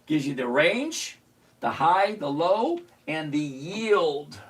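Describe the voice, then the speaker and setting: A middle-aged livestream host in casual commentary who teases a viewer sarcastically, repeats points slowly and mutters while hunting around the screen. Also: mid-range voice, big pitch swings, husky. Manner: teasing, sarcastic, talks straight to a viewer.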